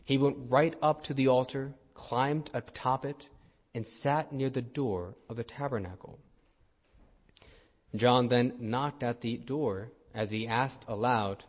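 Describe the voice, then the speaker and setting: Priest preaching in a reverberant church. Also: male voice, mid-range voice, fairly even intonation, a little slow. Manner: gentle storytelling delivery. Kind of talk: sermon.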